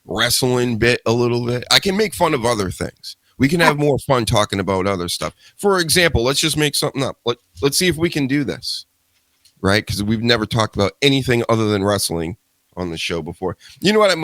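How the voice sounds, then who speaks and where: A man's voice: medium pitch, dry recording. A man hosting a wrestling talk podcast, ranting casually with a lot of swearing. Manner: profane, animated ranting. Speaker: podcast host.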